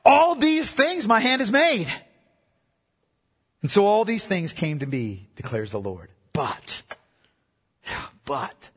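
A man with a high, husky voice preaches a sermon, hammering home key lines by repeating them. He stops to put questions straight to his listeners. His voice rings out through a large hall with a long, lingering reverb. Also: sing-song, slow, pauses often, fairly bright tone. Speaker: pastor.

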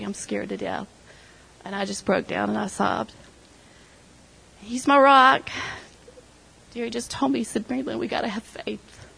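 A woman's voice: on the high side, gravelly, low-quality recording. A middle-aged woman sharing an emotional personal testimony with her church group, retelling conversations as she goes. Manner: emotional storytelling, quoting others.

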